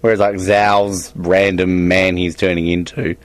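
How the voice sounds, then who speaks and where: A man co-hosting a casual movie commentary, joking and quick to laugh. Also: low voice, little pitch movement. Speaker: podcast co-host.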